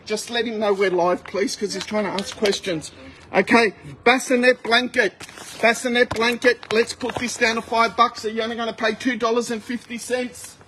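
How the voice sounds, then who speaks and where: A man's voice: very high voice, little pitch movement. A man hosting a live shopping stream outdoors at a warehouse sale, rattling off prices and talking to viewers. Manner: rapid price-calling, chatty with viewers. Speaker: livestream sale host. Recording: noisy outdoor phone recording with wind.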